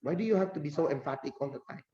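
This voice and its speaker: A male English teacher lectures in a high voice, blunt and direct. He often stops to correct himself and voices his students' questions. The recording sounds dull and lo-fi. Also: lively intonation, racing, mellow. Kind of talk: online lesson lecture.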